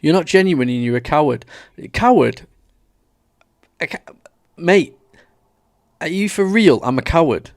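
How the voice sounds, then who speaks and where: A man's voice: a little high, lively intonation, a little slow, pauses often, dry recording, clean studio sound. A young British man doing casual, combative reaction commentary as a streamer, swearing a lot. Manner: brash, combative, heavy swearing.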